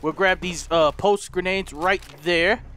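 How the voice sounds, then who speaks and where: A young man doing let's play commentary, excitable, yelping and swearing at the enemies he fights. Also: high voice, a little slow, slight background noise. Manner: excitable, yelps and shouts at the game; swears, trash-talks enemies. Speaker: gaming YouTuber.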